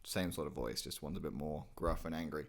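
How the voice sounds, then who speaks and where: A man's voice: a bass voice, fairly quick. A man hosting a casual video tutorial on doing impressions, rambling and joking, with casual swearing. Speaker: YouTube host teaching impressions.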